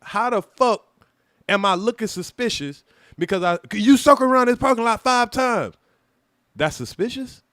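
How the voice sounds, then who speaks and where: Animated profane man telling a story. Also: extremely high pitch, moderate pace, no room sound, studio quality. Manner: animated, profane, acts out quoted voices loudly. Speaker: livestream host telling a personal story. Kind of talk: casual livestream storytelling.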